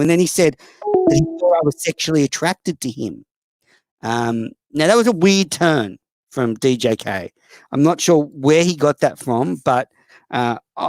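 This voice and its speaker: A man's voice: mid-range voice, no room sound. An Australian man hosting a casual call-in show, blunt, profane and mocking toward callers and other hosts. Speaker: host.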